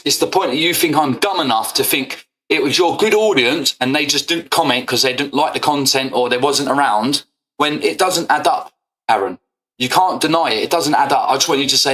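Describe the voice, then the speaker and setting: A young man rants in a heated, confrontational stream monologue. His voice sits a bit high and sounds bright and forceful. He swears freely as he calls someone out. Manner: angry, confrontational, swears often. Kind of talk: heated rant.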